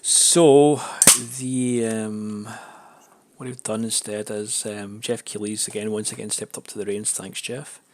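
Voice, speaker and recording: Man, slightly raspy congested voice, lowish pitch, rambling live-stream chat, frequent fillers. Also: steady tone, unhurried, darkish tone, slight background noise. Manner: rambling, many fillers and restarts.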